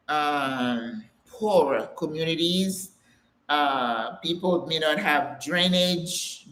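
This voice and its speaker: An older woman with a low, fairly bright voice hosts a live Q&A for retiring women. She chats casually on the stream, laughs often, and greets viewers by name.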